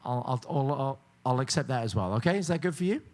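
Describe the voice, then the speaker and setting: A man's voice: mid-range voice, expressive, fast, darkish tone. A man hosting a cruise ship game show, joking and teasing the contestants in upbeat patter.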